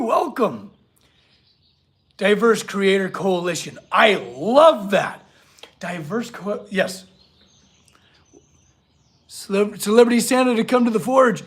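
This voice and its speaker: A man's voice: high-pitched, big pitch swings, slow, long pauses. A man hosting a casual livestream from his workshop, earnest and emotional as he gushes and reacts to the chat. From California. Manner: earnest, emotional, gushing, reads chat aloud. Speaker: livestream host, blacksmith artist.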